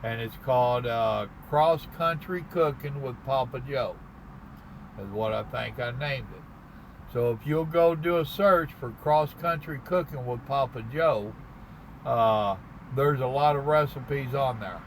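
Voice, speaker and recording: A man's voice: mid-range voice, slight background noise, low-quality recording. A man, a truck driver chatting casually on a live stream and reading viewer comments in a folksy drawl. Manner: folksy, slow drawl, calls people brother. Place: parked in his truck cab at a stop.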